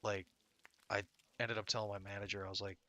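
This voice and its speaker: Rambling, laughing man with a bright voice. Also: fairly low pitch, flat delivery, fast talker. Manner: rambling, profane, laughs often. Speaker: streamer. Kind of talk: casual storytelling while gaming.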